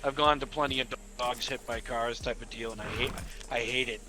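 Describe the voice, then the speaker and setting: A police officer telling rambling, profane stories in casual game voice chat, often laughing. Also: male voice, medium pitch, steady tone, fairly quick, over music.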